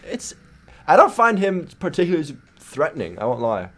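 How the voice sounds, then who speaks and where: A man co-hosting a casual podcast, animated and playful, often restarting his sentences. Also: a little high, moderate pace. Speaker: podcast co-host. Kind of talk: casual chat.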